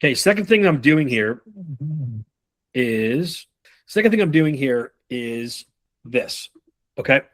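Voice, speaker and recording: Casual man acting out sales pitches. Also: lively intonation, no room sound. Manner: loose, profane, acts out sales calls in quick role-play. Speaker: sales trainer. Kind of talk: casual sales training talk.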